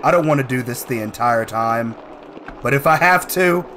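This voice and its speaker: A man doing let's play commentary, excitable, cursing and shouting at the game as he plays. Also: medium pitch, moderate pace, slight background noise. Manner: excitable, swears and yells at the game. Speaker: gaming commentator.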